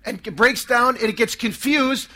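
Male preacher, very high and bright tone, emphatic sermon, call-and-response. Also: moderate pace.

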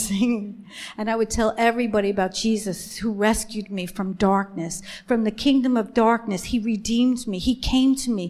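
A woman sharing her personal faith testimony with a women's gathering, earnest and emphatic, slowing down on the key phrases. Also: a little high, a little mellow.

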